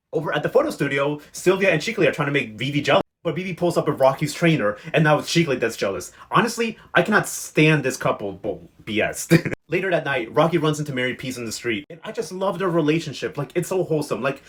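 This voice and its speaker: A man's voice: fairly high pitch, lively intonation, fast talker, a bit bright. A young man giving a chatty, sassy, slang-filled recap of soap episodes. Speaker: recap vlogger.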